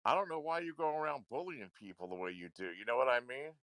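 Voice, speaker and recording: Guy ranting on his livestream, sharp tense voice, super dry sound, keeps calling people out. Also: medium pitch, very animated, fast talker, no room sound. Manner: confrontational, repetitive, swears. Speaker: livestream commentator.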